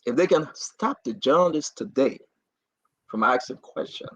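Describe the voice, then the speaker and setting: A man hosting a talk show, giving impassioned, repetitive political commentary in a husky, gravelly voice. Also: mid-range voice, normal speed. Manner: repetitive, rising to animated outbursts. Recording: dry, dull lo-fi audio.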